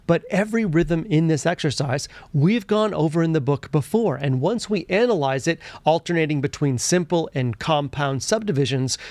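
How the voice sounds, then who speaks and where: A man's voice: on the high side, a little mellow, no echo. A man teaching a music theory lesson, explaining rhythms patiently step by step and chanting rhythm syllables.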